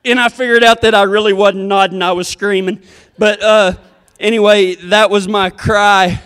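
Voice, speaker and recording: A man's voice: sits high, steady tone, normal speed, a bit bright, clear, resonant tone, in a large hall. A man telling a comic story in a folksy, rambling, self-deprecating way.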